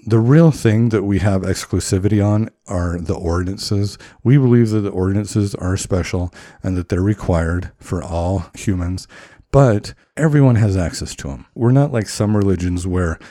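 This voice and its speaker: Deep-voiced man giving earnest faith talk. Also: mellow, no echo, studio quality. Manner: earnest, encouraging. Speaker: religious podcast speaker. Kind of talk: reflective religious talk.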